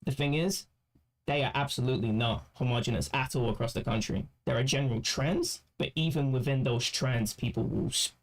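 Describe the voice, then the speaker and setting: A man giving casual commentary as a streamer, rambling and halting with many restarts. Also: mid-range voice. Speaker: streamer reacting to clips.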